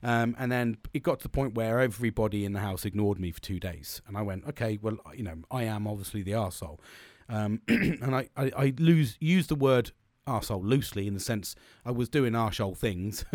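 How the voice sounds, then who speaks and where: A man's voice: on the low side, fairly quick, darkish tone, dry recording. A man in his forties telling a candid personal story, blunt and sweary, rambling with restarts.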